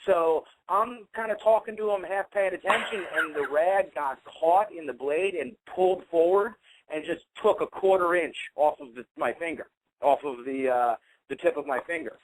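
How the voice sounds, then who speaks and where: A man's voice: a little high, normal speed, poor audio. A man co-hosting a casual online talk show, telling long stories with many fillers. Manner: rambling storyteller, many fillers. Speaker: co-host. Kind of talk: casual podcast chat. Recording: internet radio call with faint noise.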